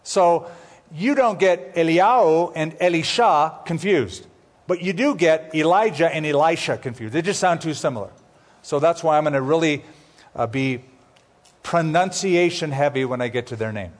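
A man teaching a Bible sermon as pastor, conversational with jokey asides, slowing down to spell out names. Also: fairly high pitch.

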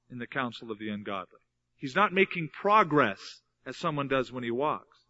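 Earnest preacher man, bright and lo-fi. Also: medium pitch, very animated, brisk. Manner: earnest, explanatory Bible teaching with emphatic repetition. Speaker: pastor. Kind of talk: sermon.

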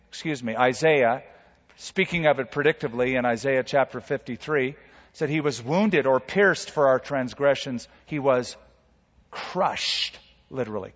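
A male pastor preaching a sermon, swinging from loud, dramatic quotes down to soft, quiet asides. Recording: reverberant hall, dull low-fidelity sound.

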